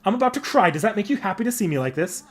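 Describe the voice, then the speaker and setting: A man's voice: a little high, moderate pace, natural voice. Saber, a man putting on a haughty warrior-empress. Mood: theatrical indignation. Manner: theatrical, indignant, flamboyant. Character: proud, dramatic young woman warrior-emperor. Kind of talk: voicing game dialogue aloud.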